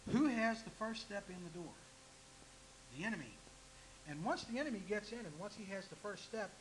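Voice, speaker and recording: A man with a high-sitting voice preaches a folksy sermon over poor audio carrying a little hiss or hum. He pokes fun at himself and puts questions straight to the congregation.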